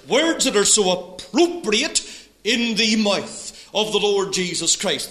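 A man preaching a sermon, reading scripture aloud in an expressive, rising and falling delivery. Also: high-pitched, takes it slowly. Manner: reads scripture aloud in old biblical wording.

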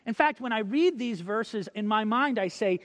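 A male preacher giving a sermon, telling stories, acting out quotes and reading scripture slowly. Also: high voice, animated, in a large hall. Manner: storytelling, acts out quotes, reads scripture slowly.

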